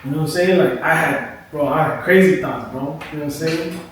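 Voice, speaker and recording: A man's voice: fairly high pitch, a little fast. Young man telling a story in an echoey barbershop. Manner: loose, swearing, says "bro" constantly. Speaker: barber and podcast co-host. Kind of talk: casual storytelling chat. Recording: echoey room, mic at a distance, light noise.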